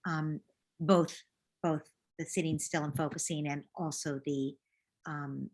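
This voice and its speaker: A woman with a slightly low voice, advising parents in a live online session. She talks gently and reassuringly, as a coach walking someone through a problem. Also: steady tone, measured pace.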